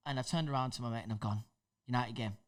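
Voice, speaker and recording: An Englishman in his twenties co-hosting a casual podcast, telling a story with laughter and animated energy. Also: medium pitch, rapid-fire. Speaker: podcast co-host. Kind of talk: casual chat. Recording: voice a little off-mic.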